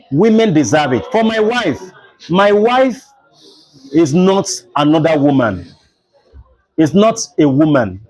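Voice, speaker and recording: A young adult man with a Nigerian English accent, a literature teacher lecturing a class and acting out the voices in his stories. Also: a little high. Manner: animated storytelling, acts out dialogue.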